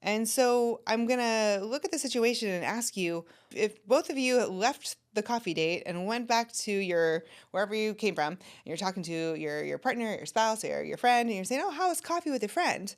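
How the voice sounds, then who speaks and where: Brief: animated woman life coach hosting her own podcast, conversational and direct. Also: medium pitch, moderate pace, hardly any pauses. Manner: animated, conversational, talks to the listener. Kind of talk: solo podcast teaching.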